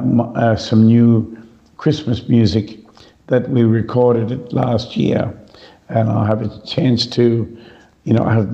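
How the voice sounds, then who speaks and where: A middle-aged Australian guitarist, slightly hoarse, chatting in a relaxed, rambling way with many fillers. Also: male voice, mid-range voice, muffled recording. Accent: mild Australian. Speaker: guitarist guest. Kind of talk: casual interview chat, remote.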